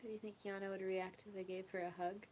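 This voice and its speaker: A young woman chatting casually with viewers in a relaxed, rambling way, often trailing off into a near whisper. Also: mid-range voice, quick pace, a little hiss or hum. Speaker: ASMR streamer chatting with viewers. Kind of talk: casual soft-spoken chat.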